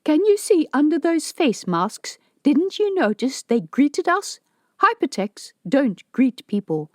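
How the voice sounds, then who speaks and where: A woman's voice: high-pitched, sing-song, slow, no room sound, studio quality, voice pushed up, heavily acted. A woman voicing a nervous young man who talks in a raised, urgent voice.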